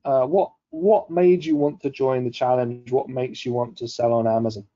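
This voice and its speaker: A man's voice: mid-range voice, fairly even intonation, moderate pace, mellow, muffled recording. A man hosting a live online coaching session, upbeat and chatty, reading out viewers' comments as he goes. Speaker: webinar host.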